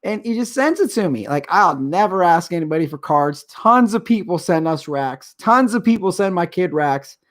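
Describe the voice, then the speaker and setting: A man's voice: high voice, lively intonation, moderate pace, hardly any pauses. A middle-aged man hosting a live stream, ranting in an agitated, rambling way. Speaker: show host. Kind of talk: casual live-stream rant.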